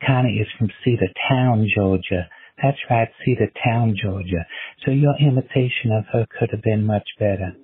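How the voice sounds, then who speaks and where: A man's voice: lowish voice, moderate pace. A man leaving a long, rambling, repetitive voicemail for a radio-style show. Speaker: voicemail caller. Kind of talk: rambling phone message. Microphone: phone. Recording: tinny phone line.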